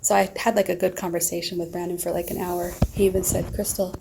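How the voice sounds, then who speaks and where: Gravelly low-voiced woman telling a story. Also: flat delivery, quick pace, noisy background. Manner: rambling, emotional retelling. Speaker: vlogger. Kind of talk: casual storytelling to a friend.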